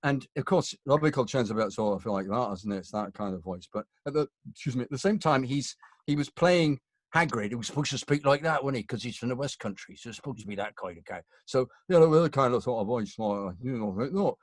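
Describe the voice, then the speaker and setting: A middle-aged man, a voice actor and interview guest, telling stories in an animated, self-deprecating way and acting out voices. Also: medium pitch, quick pace, no echo. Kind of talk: casual interview storytelling.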